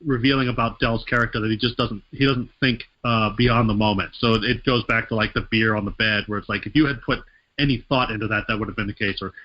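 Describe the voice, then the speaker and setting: A man's voice: fairly low pitch, fairly even intonation, fast talker. Man, casual podcast chat, laughs often, mimics voices, dull lo-fi recording. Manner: laughs often, does mocking voice impressions. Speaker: podcast co-host.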